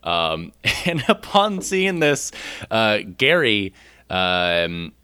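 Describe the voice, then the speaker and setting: A man's voice: lowish voice, big pitch swings, drawn-out words, pushed and bright, clean tone, dry recording. A man co-hosting a casual podcast, hesitant with many fillers and restarts. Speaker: podcast co-host.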